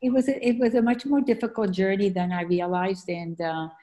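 A woman from Argentina whose native tongue is French talks through her story as an author being interviewed. Her voice is warm and mellow, sitting at a middle pitch. She speaks earnestly, with plenty of fillers and restarts. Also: steady tone, brisk. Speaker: author and guest. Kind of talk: conversational interview.

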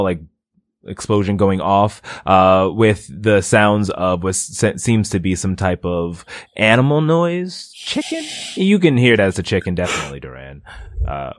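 A man's voice: on the low side, dry recording, clean studio sound. A man narrating a tabletop game as game master, rambling with many fillers.

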